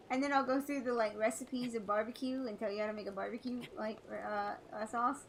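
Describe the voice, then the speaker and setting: A woman's voice: on the high side, steady tone, brisk, few pauses, a little hiss or hum, rough recording. A woman streamer chatting casually while she plays, rambling with many fillers and restarts. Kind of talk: casual chat while gaming.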